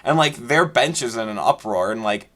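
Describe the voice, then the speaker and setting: A man's voice: medium pitch, lively intonation, normal speed, a bit bright. A man casually telling a long, rambling story and talking over his gameplay, with many fillers and restarts. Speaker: gaming video creator.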